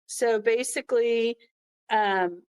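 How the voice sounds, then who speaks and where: A woman's voice: a little high, slow pace, darkish tone, smooth, low-quality recording. A middle-aged woman tells a personal story from the heart and acts out the voices of the people in it. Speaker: podcast host.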